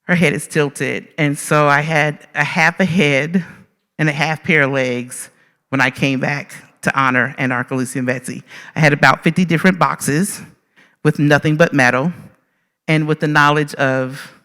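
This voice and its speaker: A woman artist giving a public talk, telling stories to a live audience in an animated, humorous way and speaking straight to the crowd. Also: deep voice, normal speed, long reverb tail. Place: event space with audience.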